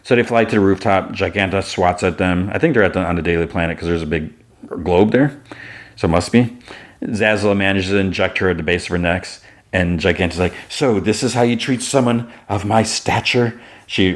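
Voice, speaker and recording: A man's voice: low-pitched, steady tone, a little fast. A male podcast host casually recapping an episode, rambling with lots of fillers. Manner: rambling, filler-heavy storytelling.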